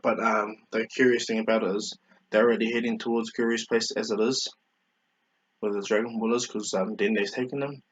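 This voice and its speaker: A man's voice: lowish voice, level tone, fairly quick, husky, poor audio. A man casually retelling a fan story, rambling with many fillers and self-corrections.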